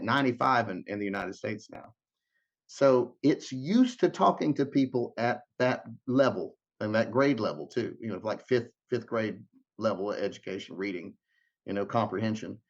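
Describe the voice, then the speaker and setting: A man speaking as an interview guest at a middle pitch, wandering through his thoughts with frequent restarts and filler words. His audio sounds dull and lo-fi. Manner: rambling, many restarts and fillers. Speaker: guest musician. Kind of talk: casual interview talk.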